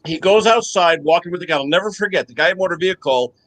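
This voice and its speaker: An older man from the United States telling lively anecdotes in casual chat, often checking in with a quick "okay?". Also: sits high, rough recording. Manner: animated storyteller, checks in with "okay?" tags. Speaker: guest on live chat.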